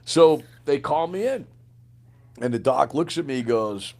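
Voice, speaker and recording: A man in his sixties, an army veteran and podcast guest, telling stories in an animated way, swearing often and calling the listener man and bro. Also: medium pitch, measured pace. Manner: animated, profane, says man and bro a lot. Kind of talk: storytelling in a podcast interview.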